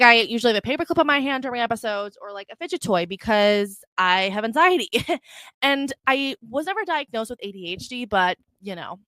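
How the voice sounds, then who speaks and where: Brash, bright-voiced young woman ranting. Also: mid-range voice, dry recording. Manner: profane, animated storytelling with mocking quoted voices. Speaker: podcast host. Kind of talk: unfiltered solo podcast rant.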